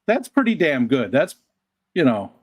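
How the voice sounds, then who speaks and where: A man's voice: mid-range voice, sing-song, a little slow, breathy edge, no echo. A man chatting casually on a livestream, rambling and repeating words as he talks.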